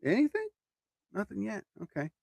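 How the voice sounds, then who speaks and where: A man's voice: sits high, wildly swooping pitch, normal speed, vocal fry, darkish tone, dry recording. A man hosting his own live stream as a comedian, chatting casually and rambling from topic to topic.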